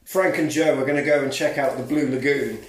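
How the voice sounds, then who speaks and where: A man's voice: mid-range voice, fairly even intonation, brisk. Man recapping a film, echoey room. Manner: recounts plot, acting out film lines. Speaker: podcast co-host. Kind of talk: casual comedic film recap.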